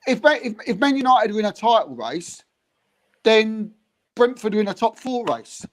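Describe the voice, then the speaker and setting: A man chatting casually about a football match as an animated storyteller who chuckles often. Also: high voice, moderate pace. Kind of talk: casual football reaction chat.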